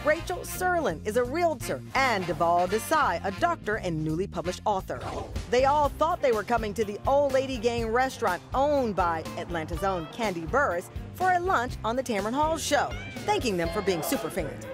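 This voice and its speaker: A woman narrates a scripted voice-over for a talk show, her pitch rising and falling in a lively, upbeat way. Music plays underneath her voice throughout. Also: moderate pace.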